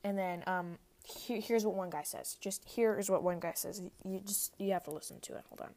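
A woman's voice: medium pitch, steady tone, warm tone. A young woman hosting a casual solo podcast, rambling with many fillers. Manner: rambling, heavy use of "like", quick laughs. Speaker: podcast host.

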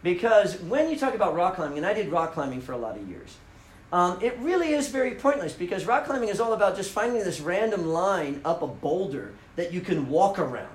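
A man telling a story in a casual talk, animated, often laughing and acting out the lines he quotes. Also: high voice, brisk, roomy sound, low-quality recording. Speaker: speaker telling a running story.

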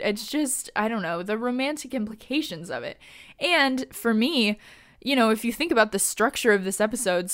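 A woman giving a casual fan recap of a TV episode, excited and gushing, with lots of fillers and laughter. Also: a little high.

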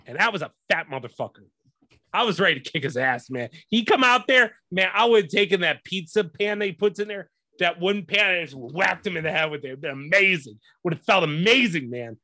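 A man with a higher voice and a bright, forceful tone tells a story as a casual, exasperated rant full of swearing. He is a podcast host talking to his co-host, and the sound is dry and close. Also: expressive, brisk, dry recording.

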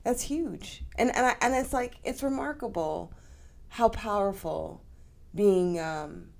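A woman co-hosting a podcast, talking in an expressive, affirming and colloquial way in casual chat. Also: mid-range voice, slow, creaky. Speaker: podcast co-host.

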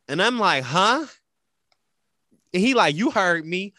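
A man co-hosting a casual talk show, telling a personal story in a dramatic, animated way and quoting the people in it. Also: sits high, moderate pace, dry recording, studio quality. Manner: animated, dramatic retelling with quoted voices. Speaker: podcast co-host.

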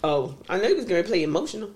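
Woman hosting a podcast, loud blunt jokes, lively bouncy voice, kinda roomy echo. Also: lowish voice, rapid-fire. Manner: blunt, joking, emphatic. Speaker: podcast host. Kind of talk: casual banter.

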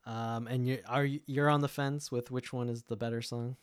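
A man co-hosts a music podcast, chatting casually and rambling with lots of fillers and asides that interrupt himself. His medium-pitched voice is clear and resonant, with fairly even intonation and a moderate pace, captured in clean studio sound with no room noise.

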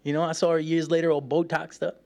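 A man delivers a sermon with a voice pitched a little above most men's. He is playful and talkative, laughs often, and acts out the voices of people in his story. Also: flat delivery, quick pace, gravelly, a little mellow. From United States. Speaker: preacher. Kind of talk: sermon with personal stories.

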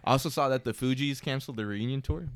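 A man co-hosting a podcast in casual, profane chat, telling animated stories and mimicking people. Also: medium pitch, rapid-fire, a crowd in the background. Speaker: podcast co-host.

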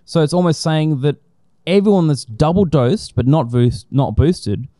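A man with a mid-range voice and a mellow, dark tone rants bluntly on a casual podcast, swearing freely and filling gaps with ums. The recording is close and dry. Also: a little high, lively intonation, moderate pace, no room sound. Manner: blunt and sweary, full of fillers. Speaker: podcast co-host. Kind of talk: casual opinionated chat.

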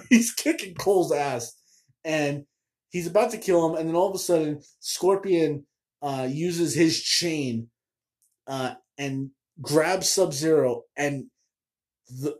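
Chatty, exasperated man with raised pitch. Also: a little mellow. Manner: chatty, exasperated, ranting, many fillers. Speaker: movie review show host. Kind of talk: casual spoken movie review.

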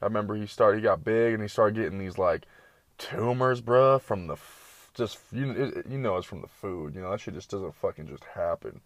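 Deep-voiced young man rambling profanely. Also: moderate pace, no room sound. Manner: profane, slangy storytelling full of tangents. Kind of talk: rambling late-night monologue.

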